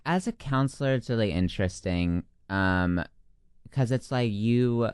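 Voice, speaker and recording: A man's voice: on the low side, lively intonation, unhurried, darkish tone, clear, resonant tone, dry recording, clean studio sound. A young man, a former camp counselor, tells a rambling backpacking story in a casual chat, full of "like" and "um". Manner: rambling, heavy use of "like" and "um".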